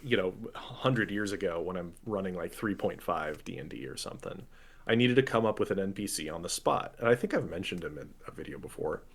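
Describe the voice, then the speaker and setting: A man and game master chatting on a podcast, animated, self-mocking and quick to laugh. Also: deep voice, vocal fry. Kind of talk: casual podcast chat.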